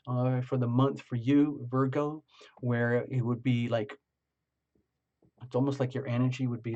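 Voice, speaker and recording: A man's voice: mid-range voice, flat delivery, a little slow, pauses often, mellow, dull audio. Man tarot reader, casual and meandering, repeats himself for emphasis, mid-range voice.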